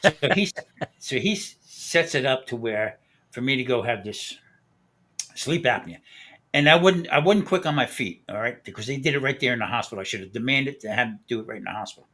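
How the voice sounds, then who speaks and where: A man's voice: medium pitch, animated, a little fast, fairly bright tone. A man hosting a live stream who tells a long, profane anecdote with frequent laughter. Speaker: host. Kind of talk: casual storytelling on a live stream.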